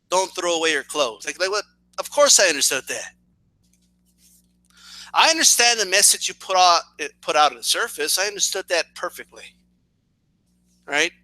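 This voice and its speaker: Sarcastic male reaction host, high voice that swoops widely, stuttering restarts. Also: dry recording, poor audio. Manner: mocking, animated, frequent restarts.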